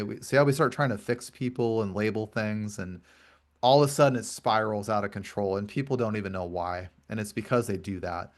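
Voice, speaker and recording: A man's voice: lowish voice, brisk. A male podcast host in a conversational interview, explaining earnestly at length and often repeating words. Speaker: podcast host and grief coach.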